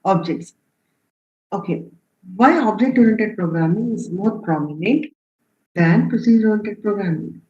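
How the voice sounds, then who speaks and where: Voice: mid-range voice, moderate pace, pauses often, mellow. A programming instructor giving a live online lecture, quizzing students, reading out their answers and checking in often with "okay?" and "right?". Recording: roomy, dull lo-fi stream audio.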